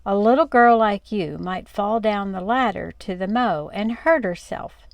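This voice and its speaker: Bossy farm boy read by a woman, commanding, gravelly and dry. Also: mid-range voice, a little slow, no echo, dull audio.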